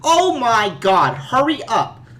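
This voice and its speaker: A man putting on a comic impression of a frantic middle-aged mother who is panicked and shrill. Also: sing-song, takes it slowly, a bit bright, full character voice, low-quality recording.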